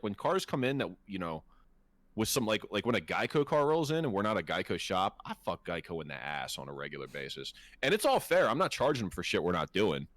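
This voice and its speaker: Lively, profane low-voiced man. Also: dry recording. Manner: heated, swears freely, laughs often. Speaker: podcast co-host. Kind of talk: casual profane chat.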